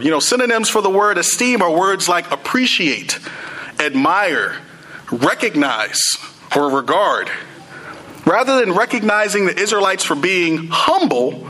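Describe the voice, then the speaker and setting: A man's voice: high voice, pushed and bright, rough recording. A young man preaching a sermon in a casual, conversational way, full of "you know" and "like".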